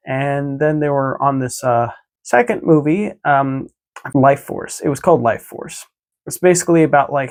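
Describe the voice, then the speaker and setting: A man's voice: medium pitch, vocal fry. A man vlogging a casual recap of his day, easygoing and chatty, rambling with lots of filler words and restarts.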